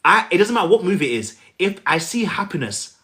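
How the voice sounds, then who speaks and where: A man giving relationship coaching, talking straight to the viewer in an animated, repetitive way. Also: high voice, fast. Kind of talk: coaching talk to camera.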